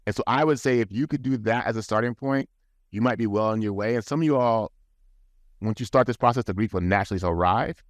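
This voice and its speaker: A man's voice: lowish voice, fast talker, no echo. A man guest on a podcast, talking in an earnest, advising way with frequent restarts, recorded in a studio. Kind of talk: casual podcast talk.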